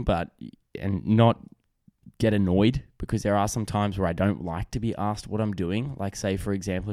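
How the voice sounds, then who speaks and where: A young adult man hosts a relaxed solo podcast, his voice sitting low in pitch. He rambles through stories with plenty of "um"s, "you know"s and restarts. The sound is dry and close, with no room echo. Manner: rambling, chatty, lots of fillers and restarts. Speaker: podcast host. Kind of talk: casual solo podcast storytelling.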